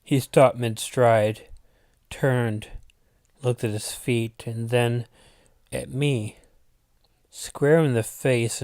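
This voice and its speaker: A man telling a spooky story at a slow, unhurried pace, each line laid out with care. His voice sits in a middling register and sounds close and dry, with no room around it. He breaks off now and then for an aside to his listeners. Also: medium pitch, darkish tone, no echo. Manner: unhurried, deliberate reading with asides. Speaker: channel host reading his own story. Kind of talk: storytelling narration.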